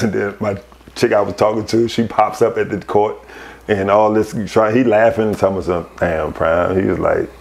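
A man, a podcast guest, telling casual stories, animated and laughing as he acts out other people's voices. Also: fairly low pitch, a little hiss or hum. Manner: animated, laughs through his anecdotes. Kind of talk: casual storytelling.

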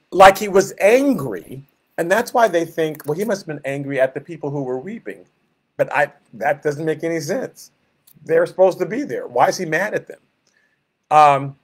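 Animated man teaching Bible study. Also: fairly high pitch. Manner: animated, reads scripture aloud and acts out groans.

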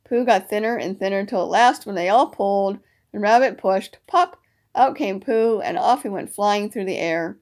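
A woman narrating a children's story aloud in an even storybook manner. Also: medium pitch, normal speed.

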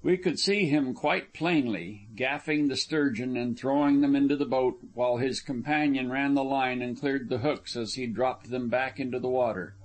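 A man narrating an adventure audiobook in an even, measured reading. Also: medium pitch. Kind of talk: scripted narration.

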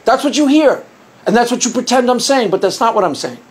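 A man with a strikingly high-pitched voice delivers an opinionated monologue to camera. He argues his point with sarcasm and mockery of his opponents. He often restarts words and phrases mid-sentence. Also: animated, a little fast. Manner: argumentative, sarcastic, mocks opponents' views. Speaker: Christian apologist video host.

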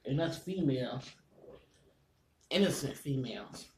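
Eating and talking by turns, a stuffy-nosed male food vlogger chats with his y'all viewers at home, breathing a little hard between bites. He has a medium pitch with lively intonation and a slightly mellow tone, and he speaks a bit slowly. The room sounds spacious, with slight hiss or hum.

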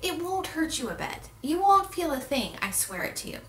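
A woman's voice: high voice, sing-song, moderate pace, pitched above the performer's own voice, exaggerated voice. A woman reading as a whining self-pitying giant. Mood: pleading. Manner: loud, moaning and pleading. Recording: roomy echo, distant mic.

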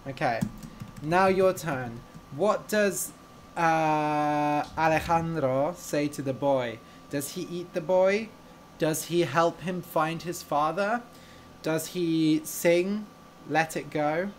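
A man teaching English on a live stream, telling a story slowly and clearly, explaining words and asking viewers questions in a relaxed, chatty way. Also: on the high side, slight background noise.

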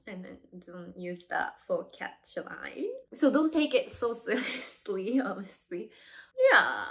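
A young woman with a Japanese accent, hosting a casual reaction video and speaking hesitantly. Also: fairly high pitch. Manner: hesitant, with many fillers.

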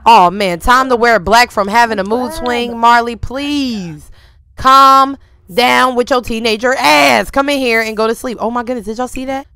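Bright-voiced woman streamer, slangy and animated. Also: a little high, moderate pace, smooth. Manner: animated, slangy, talks to her viewers. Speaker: gaming streamer. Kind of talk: casual gameplay commentary.

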